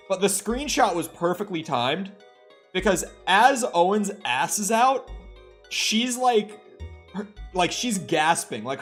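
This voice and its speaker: A young man streaming a game, telling a long funny story in a lively, laughing way and swearing casually. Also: fairly high pitch.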